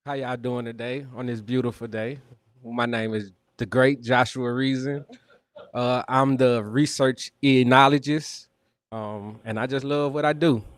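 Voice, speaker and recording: Relaxed man researcher explaining grapes. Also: medium pitch, measured pace, no room sound. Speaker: research enologist. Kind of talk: live panel broadcast.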